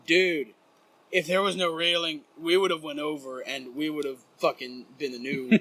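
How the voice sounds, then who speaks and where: A young man hosting a podcast, telling a wild story in a casual, profane, animated way and shouting out the quotes. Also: high-pitched, no echo. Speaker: podcast co-host. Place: indoors, rain outside.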